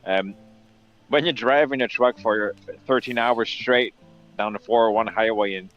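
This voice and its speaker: A man's voice: on the low side, a little slow. A young man with a French-Canadian accent, a guest on a live stream, chatting casually with many ums and restarts. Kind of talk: casual chat. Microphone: home computer mic on a live stream call. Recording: dull lo-fi mic with music behind.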